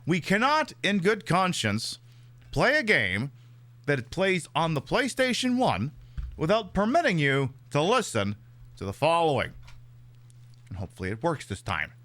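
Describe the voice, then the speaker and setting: A man with a high, bright voice chats through a game stream. He swings his pitch widely and keeps a sarcastic, cursing edge throughout. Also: unhurried. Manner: sarcastic, profane and animated. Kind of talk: casual live-stream chat.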